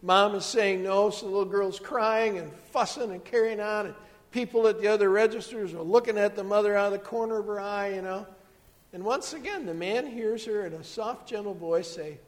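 A man preaching a sermon as pastor, telling stories and dropping to soft, hushed tones for emphasis. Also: high-pitched, fairly quick, big-room sound.

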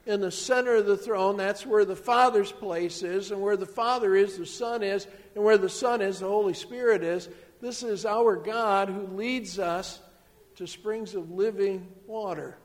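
High-voiced pastor preaching in a reverberant hall. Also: male voice. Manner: storytelling, drops to soft hushed tones for emphasis. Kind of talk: sermon.

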